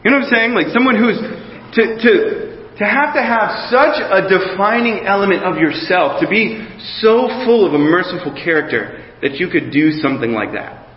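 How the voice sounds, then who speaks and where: Man, pastor preaching a casual sermon, higher-pitched voice, long hall reverb, slightly muffled sound. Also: normal speed. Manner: conversational preaching with many restarts and asides to the congregation.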